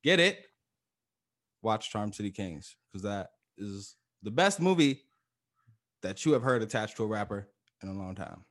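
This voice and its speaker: A man co-hosting a podcast, talking loosely and with plenty of swearing. He has a fairly low voice, repeats his points for emphasis and laughs easily. The talk is unscripted chat between friends. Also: big pitch swings, measured pace, a bit bright. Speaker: podcast co-host. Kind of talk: casual chat.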